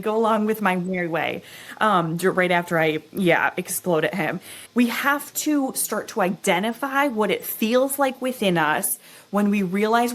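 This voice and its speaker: A young adult woman, a guest expert, explaining stress in an animated, teaching way and often checking in with "right?" and "okay?". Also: medium pitch. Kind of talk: explanatory interview talk.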